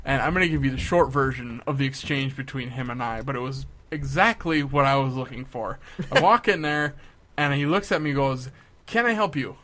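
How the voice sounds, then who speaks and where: A young man chatting casually on a podcast, telling a story with lively acted-out quotes. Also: mid-range voice, a little fast. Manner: animated storyteller, acts out quotes. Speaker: podcast co-host.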